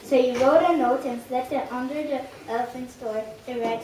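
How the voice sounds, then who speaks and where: A woman narrating a children's story aloud in an expressive read-aloud manner. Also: sits high, normal speed, few pauses. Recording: echoey room, distant mic, faint hiss.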